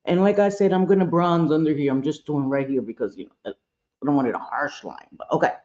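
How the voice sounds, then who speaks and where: A woman's voice: deep voice, a little fast, warm tone, muffled recording. A woman chatting candidly and playfully through a makeup tutorial, with sassy asides, recorded at home. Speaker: makeup vlogger. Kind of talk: casual makeup tutorial chat.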